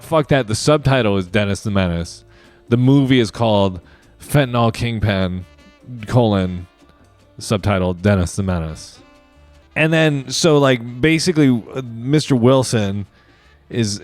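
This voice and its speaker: A man hosting a comedy podcast solo, rambling and cursing as he makes up a movie plot on the spot. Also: medium pitch. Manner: rambling, profane, improvising a plot aloud. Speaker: podcast host. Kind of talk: casual comedic riffing.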